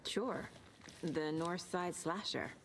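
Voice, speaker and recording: An actress playing a measured, inquisitive female federal detective in a video game. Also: fairly low pitch, fairly bright tone. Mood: questioning. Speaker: FBI detective. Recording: game audio with ambient noise.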